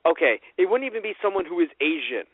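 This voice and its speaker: A man's voice: high-pitched, big pitch swings, fast, breathy edge, no room sound. A man co-hosting a casual podcast chat, rambling and slipping into brief mock voices. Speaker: podcast co-host. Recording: dry, phone-like lo-fi audio.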